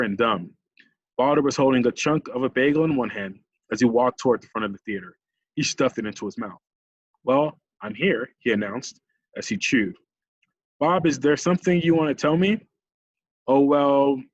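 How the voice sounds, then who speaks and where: A man reads a children's novel aloud in a middle-pitched voice, nudging his tone up and quickening for each character. The recording is dry and a little dull. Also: breathy edge, no room sound. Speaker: teacher reading aloud.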